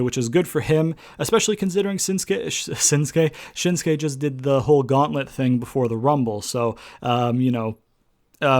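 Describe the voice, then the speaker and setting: A man's voice: mid-range voice, darkish tone. A young man giving a casual spoken recap of a wrestling show, rambling with many fillers and restarts and swearing freely.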